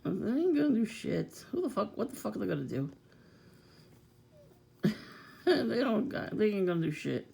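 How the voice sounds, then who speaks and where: Woman, gravelly voice, dark tone, blunt profane casual rant, frequent laughs. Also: mid-range voice, very animated, moderate pace, pauses often. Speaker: vlogger.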